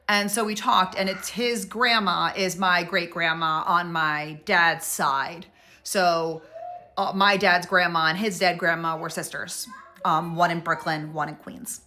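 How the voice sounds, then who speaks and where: A woman's voice: medium pitch, moderate pace, pushed and bright. A woman casually telling a personal story, chatty, acting out both sides of a conversation.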